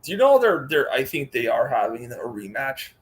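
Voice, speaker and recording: A man's voice: medium pitch, very animated, moderate pace, breathy edge. Man chiming in on a talk show. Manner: agreeable, chimes in briefly. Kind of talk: casual chat.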